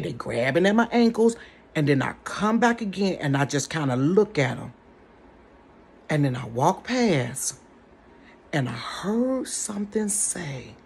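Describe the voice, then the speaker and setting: Animated gravelly woman telling a story. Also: on the low side, moderate pace, a little hiss or hum. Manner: animated, chatty, addresses the audience directly. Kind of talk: casual storytime. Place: bedroom.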